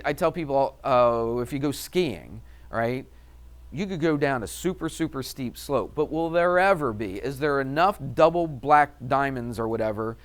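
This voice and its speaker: Male math teacher, mid pitch, chatty lecturing style, quizzes the class, drifts into a story.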